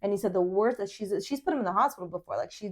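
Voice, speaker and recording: A young woman hosting a podcast, telling a dating story in casual chat, animated and swearing, full of fillers. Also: medium pitch, racing. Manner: animated, swearing, many fillers, acts out quoted lines. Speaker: podcast host.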